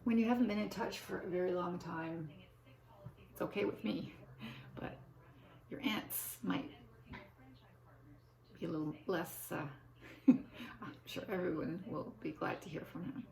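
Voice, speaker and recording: Rambling older woman with gravelly voice. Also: on the low side, unhurried, long pauses, darkish tone. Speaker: vlogger. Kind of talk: casual rambling chat. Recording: echoey room.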